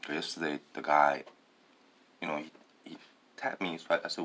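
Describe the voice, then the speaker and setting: A man's voice: very deep voice, level tone, moderate pace, a bit bright. A man talking in a rambling, hesitant monologue, full of fillers and tag questions.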